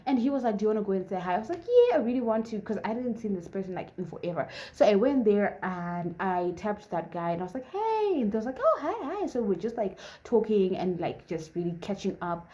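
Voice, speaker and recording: Chatty and filler-heavy, a female vlogger in her twenties shares a personal story and performs the dialogue as she goes. Her medium-pitched voice is mellow and animated, a little fast, with hardly any pauses.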